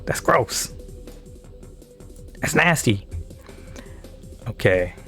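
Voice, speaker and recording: A man's voice: fairly low pitch, big pitch swings, drawn-out words, sharp tone, faint music behind. Blunt, swearing male streamer. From Pakistan or India. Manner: blunt, profane, thinking aloud. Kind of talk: casual live-stream commentary.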